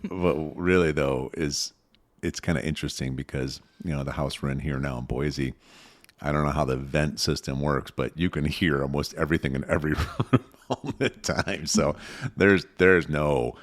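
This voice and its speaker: A man's voice: a bass voice, normal speed. A middle-aged man co-hosting a parenting podcast, talking in an easygoing, conversational way. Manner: easygoing, conversational, repeats words. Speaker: podcast co-host. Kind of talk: casual chat.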